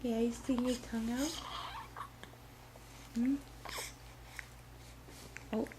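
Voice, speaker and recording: Slow, high-pitched cooing woman. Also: little pitch movement, roomy sound. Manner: cooing, coaxing, questions repeated softly. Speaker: parent talking to a baby. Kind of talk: home video baby talk. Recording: noisy home video recording.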